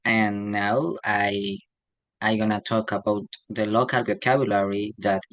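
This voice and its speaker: A young man giving a class presentation in a halting, hesitant way, often ending sentences with a questioning tag. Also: fairly low pitch, a bit bright, no room sound, rough recording. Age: young adult. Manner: halting, tags sentences with "okay?". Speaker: student presenter.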